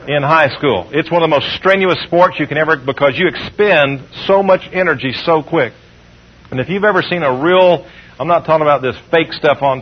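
A man with a voice on the high side preaches a sermon, leading his congregation in call-and-response. He slows down when reading scripture, and the audio is dull.

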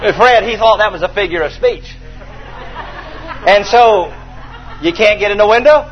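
A man's voice: sits high, moderate pace, lo-fi sound, a faint crowd. A man preaching a sermon, acting out a Bible story and calling on the congregation to respond. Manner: animated storytelling, acting out scenes, calls for response.

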